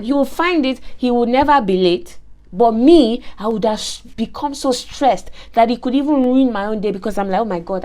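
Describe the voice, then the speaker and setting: A woman hosting a faith-based motivational talk, telling stories emphatically with lots of repetition. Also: on the high side. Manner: animated, emphatic storytelling with repetition. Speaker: host.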